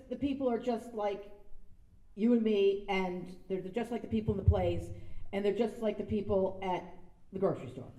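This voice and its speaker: A woman's voice: mid-range voice, warm tone, distant mic. A woman giving a casual speech at an event, chatty and self-deprecating, acting out the quotes in her stories. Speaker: guest speaker. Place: sound stage event space. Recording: echoey room.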